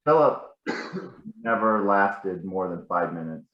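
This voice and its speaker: A man's voice: fairly low pitch, animated, slow pace, roomy sound, dull audio. Rambling man telling family stories. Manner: rambling, self-correcting anecdotes. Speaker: family member sharing memories. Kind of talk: casual storytelling at a gathering.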